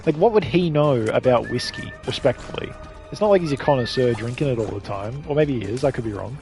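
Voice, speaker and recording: A man's voice: medium pitch, animated, brisk, a little mellow, faint music behind. A man with an Australian accent chatting casually while streaming a game, rambling from point to point and swearing freely. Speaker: gaming streamer.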